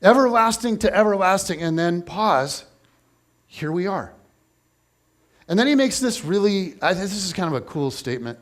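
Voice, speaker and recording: A male pastor giving a conversational sermon, animated, with quick asides and self-corrections. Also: high-pitched.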